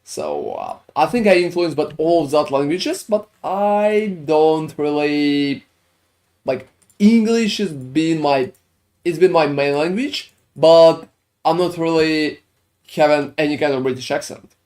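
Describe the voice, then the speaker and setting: This gamer streams with a French accent, his expressive, slightly mellow voice on the high side and his pace measured. He's chatty, responding to viewers with rambling answers packed with fillers.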